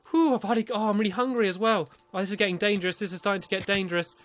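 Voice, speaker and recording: A man giving casual Minecraft let's-play commentary, excitable, breaking into yelps and squeals when panicked. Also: sits high, racing, hardly any pauses. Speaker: gaming video host.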